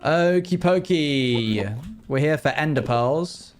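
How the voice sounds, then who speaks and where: A man's voice: on the high side, slight background noise. A young man, chatting playfully with his audience while livestreaming a game. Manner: chatty, quick asides and playful exclamations. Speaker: streamer. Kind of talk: live game stream chat.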